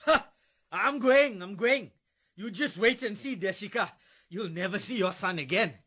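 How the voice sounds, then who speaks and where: An actor playing a drunk, abusive ex-husband who is a bullying cop, slurring and taunting. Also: male voice, high voice, normal speed, bright, forceful tone.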